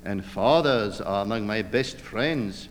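A man's voice: fairly low pitch, slow pace, in a large hall, faint music behind, voice pushed down. A man reading an audiobook, voicing a drunken, blustering man with a drawling, oddly feminine manner. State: drunk and rambling. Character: drunken blustering man, effete, mocking and evasive.

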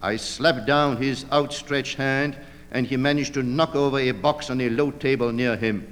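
Measured male audiobook narrator. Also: medium pitch, fairly even intonation, fairly bright tone, long reverb tail. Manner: measured, literary storytelling.

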